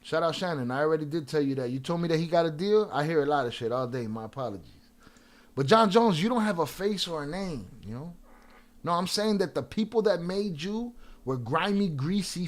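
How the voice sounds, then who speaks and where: Profane, combative male livestream host. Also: a little high. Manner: profane, confrontational, trash-talking viewers. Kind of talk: heated livestream chat.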